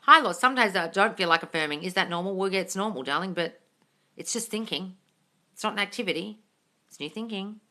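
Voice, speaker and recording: A woman hosting a live manifesting Q&A stream, reading viewer comments aloud in casual chat. She swears freely, calls her viewers darling and breaks into gushing bursts of excitement. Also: medium pitch, brisk.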